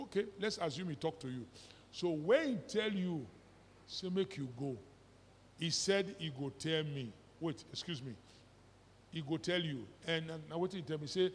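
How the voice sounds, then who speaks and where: A man's voice: on the high side, animated, moderate pace, slight background noise. A middle-aged man with a Nigerian accent preaching a sermon, mixing pidgin and English and firing rhetorical questions at the congregation. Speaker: pastor. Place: church hall. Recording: reverberant church hall recording.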